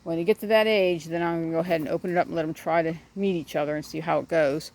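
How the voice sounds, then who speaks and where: A woman's voice: deep voice, steady tone, racing, a little mellow. Chatty middle-aged woman rambling outdoors. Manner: chatty, rambling, talks to her birds. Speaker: backyard chicken keeper. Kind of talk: casual rambling vlog. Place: outdoors in a backyard garden.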